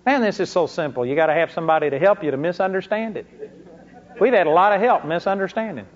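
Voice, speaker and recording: Male preacher with a high voice, folksy sermon delivery, punchy emphasis. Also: fast talker. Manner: folksy storytelling with bursts of emphasis. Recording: dull lo-fi recording.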